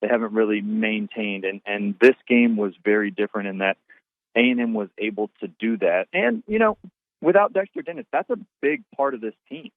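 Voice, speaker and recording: A man giving casual sports radio analysis over the phone. He talks in a halting way and repeats words while he thinks. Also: fairly low pitch, fairly even intonation. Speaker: basketball analyst. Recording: tinny phone line.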